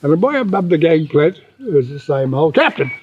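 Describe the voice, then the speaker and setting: Husky older Australian man spinning yarns. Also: fairly high pitch, sing-song, a little fast. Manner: rambling yarn-spinner, acts out quoted voices. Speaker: interview guest. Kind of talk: casual anecdotal storytelling. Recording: dull lo-fi recording.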